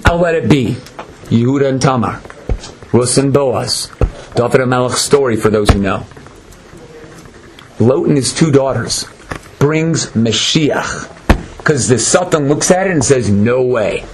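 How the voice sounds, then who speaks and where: A man speaks unhurriedly at a medium pitch, leaving long pauses, as he delivers an emphatic, dramatic Torah lecture where he acts out the people he quotes. Background noise fills the lecture recording.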